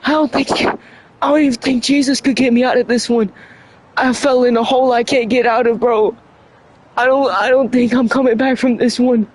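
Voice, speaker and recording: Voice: medium pitch, fairly even intonation, moderate pace. A young adult streamer chatting casually on a livestream, stumbling over words, laughing often and mocking themself. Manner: laughs often between lines.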